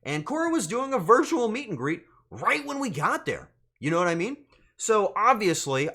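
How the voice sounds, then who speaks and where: Lively man chatting to his stream. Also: mid-range voice. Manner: animated, rambling, swears freely, talks straight to chat. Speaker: VTuber streamer. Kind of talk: casual storytelling to live chat.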